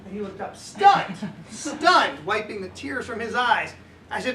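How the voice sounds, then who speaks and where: A middle-aged man tells a comic story from his own life to a live audience, dry and self-mocking, with quick asides to the room. He sounds far from the mic, and the hall echoes. There is a steady wash of noise behind him. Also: high voice. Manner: wry, self-deprecating, conversational with asides to the crowd. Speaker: author telling a story at a live reading. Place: indoor live event venue.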